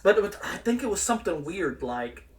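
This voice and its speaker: A man in his twenties, a podcast co-host telling a school story in casual chat, animated, profane and rambling. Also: high voice, a little fast.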